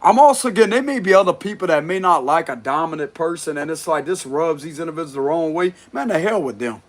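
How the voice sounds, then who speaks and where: A man's voice: fairly high pitch, quick pace. A man giving a casual tarot reading, talking bluntly with frequent cursing and laughter. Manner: blunt, profane, laughs often. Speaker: tarot reader.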